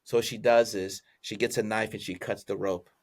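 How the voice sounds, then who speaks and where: A man's voice: lowish voice, fairly even intonation, a little fast. Man casually retelling a folk tale. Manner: rambling, amused retelling. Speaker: podcast host. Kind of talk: casual comedic storytelling.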